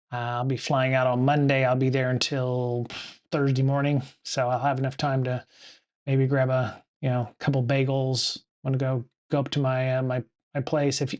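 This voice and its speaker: A man hosting a casual livestream show, rambling with lots of fillers and restarts from a home studio. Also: mid-range voice. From United States. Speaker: podcast host.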